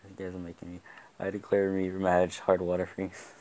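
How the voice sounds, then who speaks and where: A young man giving live gameplay commentary, excitable, often laughing and yelling at the game. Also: low-pitched, fairly quick. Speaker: gaming YouTuber.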